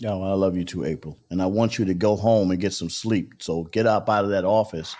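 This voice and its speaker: A man hosting a casual live show, chatting and bursting into loud, laughing rants. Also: sits low, a little fast. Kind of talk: casual live-stream chat.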